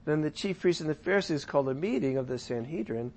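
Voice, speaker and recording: A man's voice: fairly high pitch, fairly quick, hardly any pauses. Chatty man teaching the Bible. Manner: chatty, paraphrases scripture loosely with asides; lively shifts from loud to soft. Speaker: Bible study leader.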